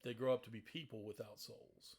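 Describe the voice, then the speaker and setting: A man's voice: mid-range voice, steady tone, fairly quick, a little mellow, slightly rough. A man narrating as game master of a tabletop game, chatty and rambling with many fillers.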